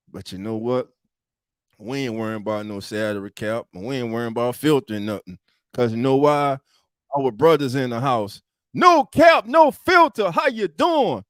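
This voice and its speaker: A man hosting a casual sports podcast live stream, greeting viewers with loud, hyped shout-outs, speaking. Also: medium pitch, clean tone, dry recording, studio quality. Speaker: podcast host.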